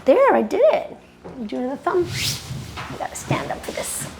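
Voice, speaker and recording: Female groomer, gravelly fry, a bit high, chatty tutorial voice, coaxing then firm with a dog. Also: big pitch swings, normal speed, darkish tone, a little hiss or hum. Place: grooming table indoors.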